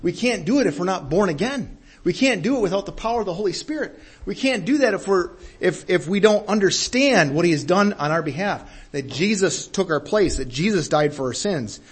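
Husky-voiced man preaching a sermon. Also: high voice, animated, a little fast. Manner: earnest, building to emphatic peaks, with repeated phrases.

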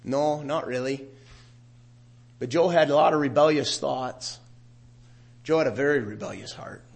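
A middle-aged man preaching a sermon, growing loud and animated when he quotes scripture. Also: mid-range voice, unhurried, creaky. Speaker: pastor.

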